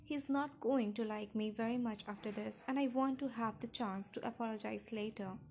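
A woman's voice: moderate pace, darkish tone, slight background noise, lightly acted. A woman voicing a tense, urgent young man. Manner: low, tense, urgent commands.

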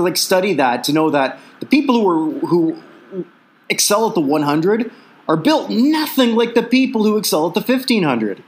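A man's voice: sits high, lively intonation, normal speed. A Canadian man hosting a casual sports talk show, chatty and full of questions and fillers. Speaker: sports podcast host.

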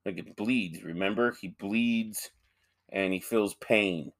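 Profane, animated man co-hosting a podcast. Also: lowish voice, slow pace. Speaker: podcast co-host. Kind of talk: casual podcast banter.

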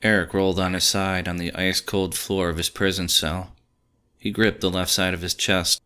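A man reads audio fiction in a steady, measured way. His voice is very deep yet bright and forceful, with a crisp, resonant clarity. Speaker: narrator. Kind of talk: scripted narration of audio fiction.

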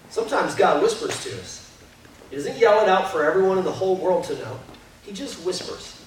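A man preaching a sermon as pastor, conversational and earnest, sometimes quick and sometimes slow for emphasis. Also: high voice. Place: church sanctuary. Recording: distant mic in a very echoey hall with faint guitar.

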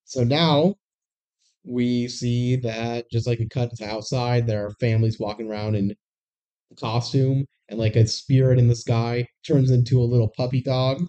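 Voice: medium pitch, steady tone, unhurried, warm tone. A podcast co-host recapping a movie's plot in casual chat, with dry, sarcastic remarks.

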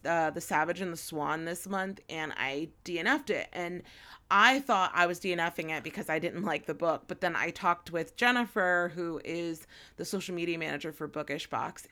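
A woman's voice: on the low side, normal speed, bright, forceful tone. A woman co-hosting a casual book podcast, chatty and rambling with many fillers and restarts. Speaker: podcast co-host.

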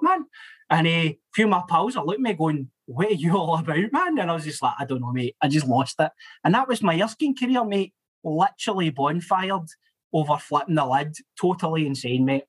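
A young Scottish man, a guest on a casual podcast, telling animated stories with swearing and laughter. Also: fairly high pitch, breathy edge. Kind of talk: casual storytelling chat.

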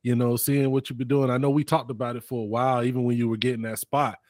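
A man's voice: medium pitch, little pitch movement, a little mellow, no echo. Easygoing man, casual slangy guest. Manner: easygoing, slangy, a bit halting. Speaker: podcast guest, friend of host. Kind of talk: casual chat over video call. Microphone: camera with monitor.

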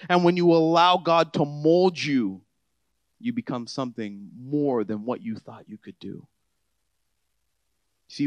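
A man preaching a conversational sermon, shifting from quiet, easygoing asides to emphatic, rising declarations. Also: mid-range voice, dry recording. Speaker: pastor.

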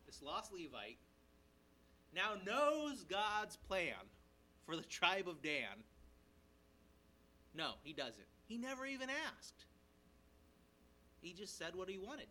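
A male pastor preaching an expository sermon in a conversational, animated way, checking in with his listeners and briefly acting out the characters' lines. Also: high voice, poor audio. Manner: animated, voices the characters' lines in quick asides. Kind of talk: sermon, expository Bible teaching.

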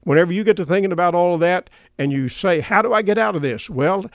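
A man's voice: sits high, fast talker, dry recording, clean studio sound. A middle-aged man preaching a sermon earnestly, with emphatic repetition of key phrases.

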